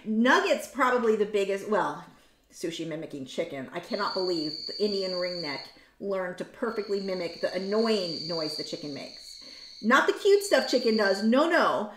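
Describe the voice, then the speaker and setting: This woman runs an art livestream from a home studio, chatting freely and reading viewer comments aloud as she draws. Her mid-range voice is animated and a bit bright, at a moderate pace, and the room echoes.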